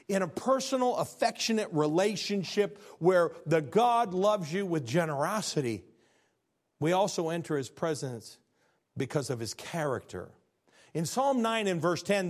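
A man in middle age delivers a sermon from the pulpit. His voice sits a little high for a man. He drops to near whispers and climbs to fervent, shouted peaks. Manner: preaching with big swings from hushed to shouted. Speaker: pastor.

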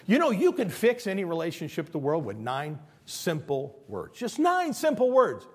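Male pastor, dramatic sermon delivery, animated pitch, repeats himself for emphasis. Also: moderate pace, few pauses, husky. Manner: swings from near-shouting to hushed, acts out prayers; repeats phrases for emphasis, stumbles and restarts.

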